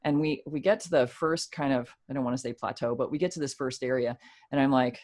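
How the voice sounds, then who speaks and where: A woman hosting a show, telling a personal hiking story in a casual, animated way, laughing as she goes. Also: very deep voice, moderate pace, pauses often. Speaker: show host.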